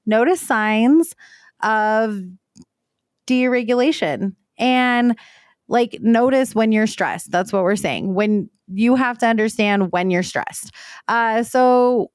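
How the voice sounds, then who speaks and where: A woman in her thirties co-hosting a casual podcast, candid and animated, swearing casually and laughing often. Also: on the high side, slow, smooth, dry recording, clean studio sound. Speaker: podcast co-host. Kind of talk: casual conversational podcast chat.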